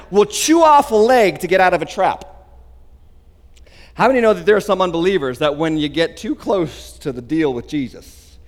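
High-voiced animated male preacher. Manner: animated, emphatic preaching with asides. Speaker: pastor. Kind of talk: sermon. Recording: long hall reverb.

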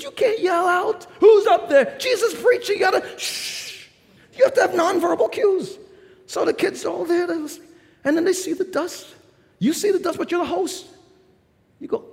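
A male pastor with a New York accent preaching a sermon in a large auditorium, telling stories with laughter and shouted punchlines. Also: very high-pitched, vocal fry, long reverb tail.

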